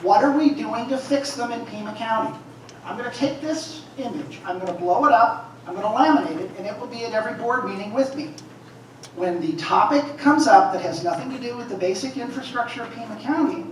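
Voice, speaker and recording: A man running for office, giving a forceful, pointed forum answer that builds to firm declarations. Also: very high-pitched, fairly quick, slight background noise. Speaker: political candidate. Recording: echoey hall, voice from far off.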